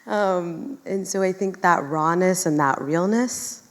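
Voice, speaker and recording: A low-pitched woman thinks aloud on a live panel, reflective and unhurried in her phrasing, full of small asides. The sound rings with a long hall reverb. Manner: reflective, many fillers and asides. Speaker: panel guest. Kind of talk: live panel conversation before an audience.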